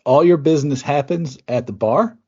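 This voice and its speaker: Husky-voiced male podcast host, rambling. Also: on the high side, moderate pace, warm tone, lo-fi sound. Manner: rambling, chatty, laughs easily. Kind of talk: casual interview chat.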